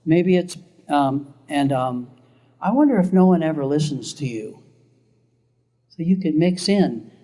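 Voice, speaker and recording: A man's voice: on the high side, lively intonation, measured pace, long pauses, mellow. An older man giving a recorded classroom lecture in a conversational way, chuckling often.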